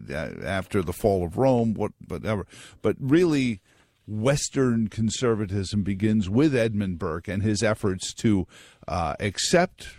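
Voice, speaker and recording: Low-pitched male talk radio host, dry studio mic, wry digressive monologue with quick jokes. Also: a little mellow, no echo.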